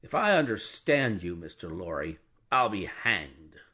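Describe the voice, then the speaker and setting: A blustering, pushy middle-aged lawyer, as a male narrator puts him on in an audiobook, pressing his case loudly and indignantly. His husky voice is raised above the narration and swings widely in pitch. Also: sing-song, measured pace, heavily acted.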